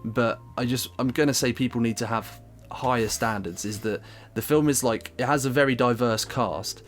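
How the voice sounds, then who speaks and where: A man's voice: mid-range voice, normal speed, faint music behind. A man co-hosting a podcast, giving blunt, wry film criticism in casual chat. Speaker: podcast co-host.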